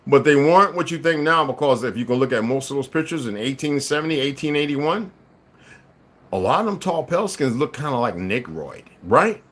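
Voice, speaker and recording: A man speaking live to his viewers in a combative monologue, dropping to low mutters and rising to loud, emphatic outbursts, with occasional laughs and repeated words. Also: animated, a little fast. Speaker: livestream commentator.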